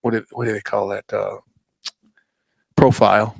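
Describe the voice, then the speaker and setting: A man's voice: on the low side, level tone, normal speed, gravelly, no room sound, clean studio sound. A man hosting a podcast, telling rambling, profane stories in casual chat and acting out the people he quotes. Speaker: podcast host.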